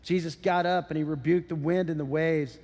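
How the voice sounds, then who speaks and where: A middle-aged man preaching a sermon as pastor, animated and conversational with casual asides. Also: fairly high pitch, moderate pace. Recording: church hall with long reverb.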